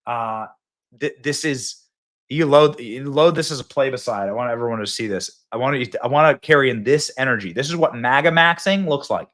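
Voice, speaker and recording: A man hosts a political commentary show in an excited, rallying tone. He talks straight to his viewers and keeps the energy up. His voice sits at an ordinary middle pitch. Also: brisk. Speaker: show host.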